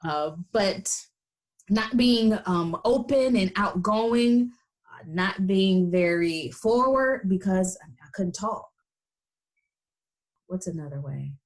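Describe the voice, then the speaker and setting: A woman's voice: medium pitch, expressive, slow pace. An American woman in an interview, telling stories in a chatty way with many fillers and playful quoted voices. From United States. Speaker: guest. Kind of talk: casual interview chat.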